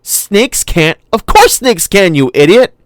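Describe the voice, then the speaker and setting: A man's voice: high-pitched, sing-song, takes it slowly, no room sound, voice pushed up, exaggerated voice. A man playing an angry, scolding young boy. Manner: shouting, scolding.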